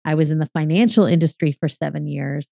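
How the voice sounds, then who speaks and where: Measured, reflective woman guest in her fifties. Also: low voice, vocal fry, warm tone, no echo. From California. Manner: reflective, with fillers and a measured, explanatory pace. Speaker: podcaster and strategic consultant, guest. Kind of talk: conversational interview answers.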